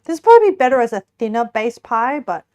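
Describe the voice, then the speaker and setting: A woman's voice: a little high, big pitch swings, fast talker, darkish tone. A young woman streamer chatting casually to her viewers while cooking and tasting a pie, giggling now and then. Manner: chatty, giggly, talks to chat while eating.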